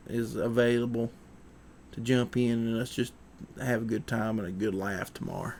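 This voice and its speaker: A man hosting his own livestream, chatting in a relaxed, rambling way about packing orders. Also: medium pitch, vocal fry. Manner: rambling, relaxed, with fillers and folksy asides. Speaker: livestream host. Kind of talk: casual chat while packing orders.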